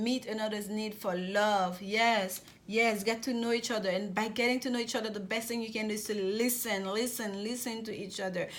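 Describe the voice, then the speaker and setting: A woman giving a general tarot reading, talking fast and often restarting and repeating words as she goes. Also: mid-range voice. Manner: rapid, repetitive with many restarts. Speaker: tarot reader.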